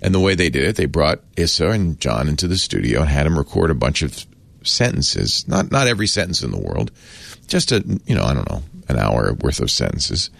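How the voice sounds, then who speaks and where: A man with a very deep, gravelly voice talks through a casual explainer in a chatty, wry way. His pitch swings widely as he trails off and restarts. The sound is dry and close. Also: very animated, fairly quick, a bit bright, no echo. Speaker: host explaining a word of the day.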